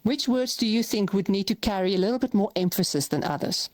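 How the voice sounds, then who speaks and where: A woman's voice: medium pitch, a little fast, darkish tone, no echo. Woman voice-over coach, dry close sound. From South Africa. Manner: conversational, explains with frequent "right?" and "okay?" check-ins. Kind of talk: workshop teaching. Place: virtual reality platform session.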